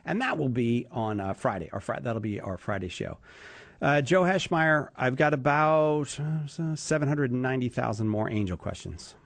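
A man hosting a talk show who jokes, teases and fires off questions. His pitch swings widely as he talks. The sound is close and dry, with no room around it. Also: expressive, normal speed, creaky, dry recording. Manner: joking, teasing, asks lots of questions. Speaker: host. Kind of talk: call-in radio show chat.

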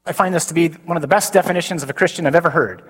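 Animated priest preaching in a hall. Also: male voice, on the high side, husky. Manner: animated, shifts from loud emphasis to slow quiet declarations. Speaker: Catholic priest. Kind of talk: sermon to a men's conference. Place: large conference hall. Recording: reverberant conference hall.

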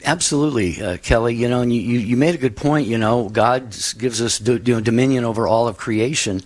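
A man co-hosting a faith-based call-in radio show, speaking slowly and earnestly. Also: medium pitch. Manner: slow, earnest, reflective. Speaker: radio co-host.

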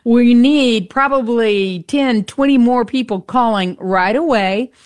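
A woman co-hosts a radio pledge drive with fervent, pressing energy and fires quick rhetorical questions at the listeners. Her voice sits slightly high, and she calls out the phone number again and again. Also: clean tone. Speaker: radio co-host. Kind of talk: on-air pledge drive appeal. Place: radio studio.

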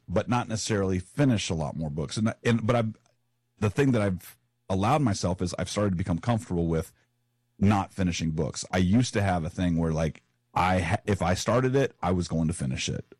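A man's voice: fairly low pitch, darkish tone, breathy edge, no echo, clean studio sound. A man co-hosting a podcast in casual chat, easygoing and joking, often repeating words. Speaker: podcast co-host.

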